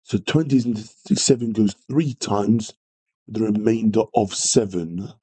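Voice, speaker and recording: Dark-voiced chatty maths tutor. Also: male voice, on the low side, measured pace, husky, rough recording. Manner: apologetic, chatty, greets viewers while working problems. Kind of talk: live-streamed exam revision lesson.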